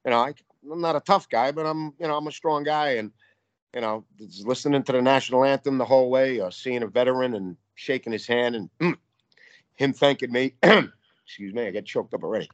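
A man talks as a guest on a podcast, swearing freely and rambling in a fired-up way. His voice sits at an ordinary pitch. The sound is dry and a little dull. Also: brisk, no echo. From New York. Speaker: guest artist. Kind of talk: casual interview talk.

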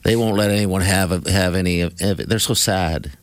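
A man's voice: low-pitched, brisk, no room sound. A man hosting a radio morning show, bantering casually with playful, jokey asides into a studio microphone.

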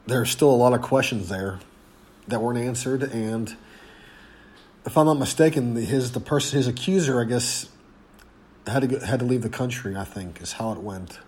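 A man's voice: mid-range voice, moderate pace, a little mellow. Congested man hosting a sports podcast. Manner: rambling, frequent ums and restarts. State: congested, losing his voice. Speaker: podcast host. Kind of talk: casual sports podcast talk.

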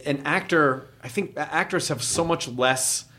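A man's voice: fairly high pitch, measured pace, pushed and bright. A man hosting a casual conversation, thinking aloud in long, musing questions. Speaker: podcast host.

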